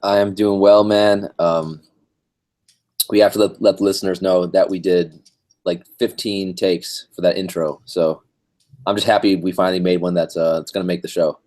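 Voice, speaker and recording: A man's voice: low-pitched, level tone, normal speed, darkish tone. A man co-hosting a podcast in casual chat, teasing his partner and laughing easily. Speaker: podcast co-host.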